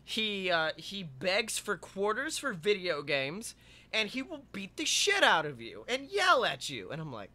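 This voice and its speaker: A young podcast co-host chats casually, acting out funny stories and swearing a lot. His voice sits high and he takes his time. He's an animated storyteller who performs the quotes.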